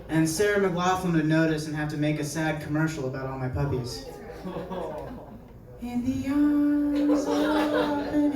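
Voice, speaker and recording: Heard from a distance in a reverberant venue, this young stand-up comedian from New Jersey has a slightly high voice. Performing live, he spins his stories conversationally and plays the characters he quotes.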